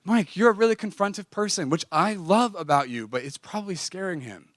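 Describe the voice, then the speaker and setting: A composed woman boss speaks plainly and kindly, voiced by a man telling the story. The voice sits a little high, with a dry, close sound and no room around it. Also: expressive, fairly quick, a bit bright, no echo. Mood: gentle. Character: woman boss, calm and gently direct.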